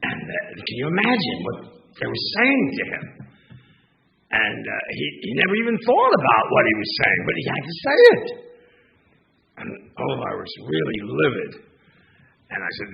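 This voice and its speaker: A man's voice: mid-range voice, wildly swooping pitch, normal speed, gravelly, pauses often, a little hiss or hum. An older man, a minister, preaching a chatty, rambling sermon in a church, with restarts and asides to the congregation. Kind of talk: conversational sermon. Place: church sanctuary. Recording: dull lo-fi sermon recording.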